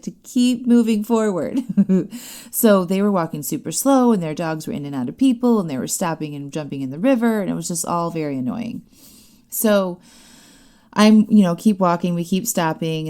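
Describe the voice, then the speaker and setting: A woman in her thirties hosting a podcast, telling a personal story in a chatty, animated way with many fillers. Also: low voice. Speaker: podcast host. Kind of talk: casual storytelling monologue.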